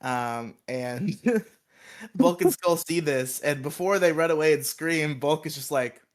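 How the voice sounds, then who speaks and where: A man's voice: fairly high pitch, unhurried. A man co-hosting a podcast, recapping a TV episode in a rambling, giggly way with lots of fillers. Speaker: podcast co-host.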